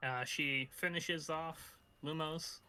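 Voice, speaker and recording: Bright-voiced dungeon master narrating. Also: male voice, a little high, steady tone, clean tone. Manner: halting narration with fillers. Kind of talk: narrating a tabletop game.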